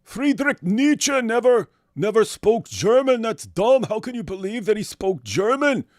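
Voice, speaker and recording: A man putting on a shrill, sneering taunter. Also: sing-song, unhurried, no room sound, clean studio sound. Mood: mocking. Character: sneering mocking man jeering at Christians.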